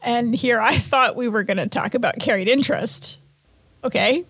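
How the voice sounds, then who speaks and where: Field: podcast. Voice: bright, dry woman co-host. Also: on the high side, slightly rough, no room sound. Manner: quick, exasperated banter. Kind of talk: casual podcast chat.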